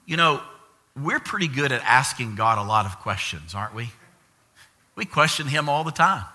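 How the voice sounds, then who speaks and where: A man old enough to have a grandson preaches in a very bright, mid-pitched voice. He tells stories with energy and acts out the voices of the people in them. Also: moderate pace. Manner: animated storytelling, acts out quoted voices. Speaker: pastor. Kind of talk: sermon.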